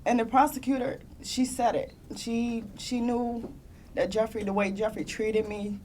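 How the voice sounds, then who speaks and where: Sharing her personal story on a conference panel in a meeting room, a young woman sounds earnest and heartfelt, often on the verge of tears, punctuated by rueful laughs. Her voice is high-ish, level and darkish at a measured pace, with slight background noise.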